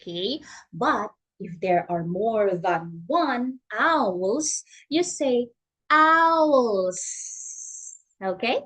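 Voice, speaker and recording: A woman's voice: medium pitch, lively intonation, slow pace, husky. A woman teaching English to a young child online, patient and encouraging, with exaggerated prompts. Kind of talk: slow demo lesson for a young learner.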